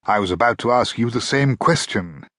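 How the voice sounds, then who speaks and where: A man voicing a gentle, eccentric male time traveller who stays calm and polite. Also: mid-range voice, normal speed, no room sound, clean studio sound, voice pushed up, close to an everyday voice. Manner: calm, polite, mildly amused.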